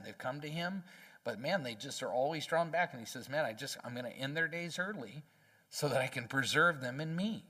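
A man preaching a sermon as pastor, emphatic and folksy, acting out quotes in lively voices. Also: fairly high pitch, long reverb tail.

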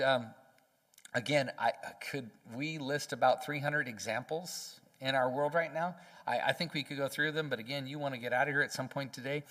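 A man's voice: medium pitch, a bit bright. Emphatic man preaching in a reverberant church. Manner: emphatic, folksy preaching with voiced quotes of God. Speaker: pastor. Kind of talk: sermon.

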